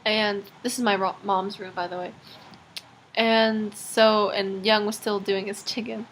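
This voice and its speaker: A woman's voice: mid-range voice, flat delivery, a little slow, a little hiss or hum. A teenage girl rambling through a casual video diary, chatty and full of fillers. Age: teens. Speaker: vlogger.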